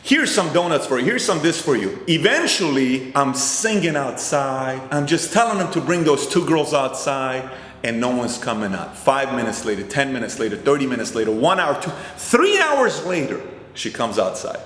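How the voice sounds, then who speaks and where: Male host, motivational storyteller, lively and expressive, reverberant hall sound. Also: mid-range voice, moderate pace. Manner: animated, acts out both sides of conversations. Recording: roomy hall with long reverb.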